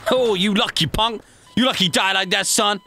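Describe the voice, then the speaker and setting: A man's voice: high-pitched, normal speed, gravelly, pushed and bright, faint music behind. A man with an English accent, a gaming YouTuber joking and roleplaying through a prison game with cheeky banter. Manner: cheeky, joking, calls people mate and son. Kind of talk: playful gameplay commentary and roleplay chat.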